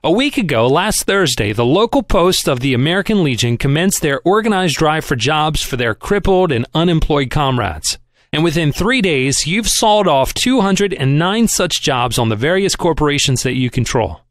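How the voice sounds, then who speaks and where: A man's voice: fairly high pitch, big pitch swings, normal speed, no echo, studio quality. A man voicing a stiff, humorless office manager who complains with cold dignity, in an audiobook reading. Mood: complaining.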